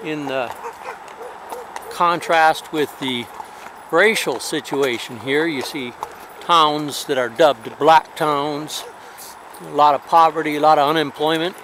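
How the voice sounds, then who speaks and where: Fairly high-voiced man, wry outdoor travel diary. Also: fairly even intonation, slow, pauses often, fairly bright tone, a little hiss or hum. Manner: rambling, hesitant, wry and critical. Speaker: traveler on horseback, vlogger. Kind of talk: casual spoken travel diary. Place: outdoors in a town, with a horse.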